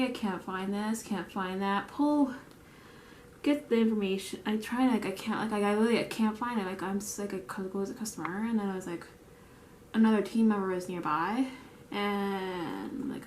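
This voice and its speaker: While doing her makeup, a vlogger who works at a bakery store tells rambling work stories packed with fillers and restarts in a get-ready-with-me chat. Her mid-range voice has fairly even intonation and a moderate pace. The sound is reverberant, with slight background noise.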